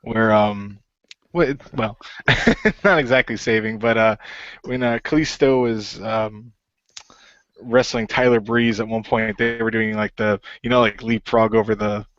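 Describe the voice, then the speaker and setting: A man hosting a casual podcast chat, halting with fillers and laughing often. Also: fairly low pitch, fairly even intonation, a bit bright, dry recording. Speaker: podcast host. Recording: dull lo-fi dry sound.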